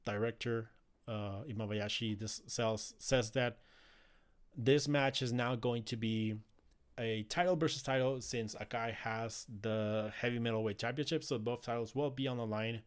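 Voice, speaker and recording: A man's voice: mid-range voice, normal speed, clean tone. A man casually recapping a wrestling show, rambling with many fillers and restarts. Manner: rambling, frequent fillers and restarts, laughs easily. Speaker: wrestling podcast host.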